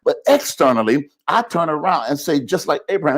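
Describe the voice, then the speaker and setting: A man's voice: a little high, very animated, fairly quick, a bit bright. A man preaching a live-streamed sermon as pastor, calling out to the congregation with repeated phrases and building to rising, heated intensity.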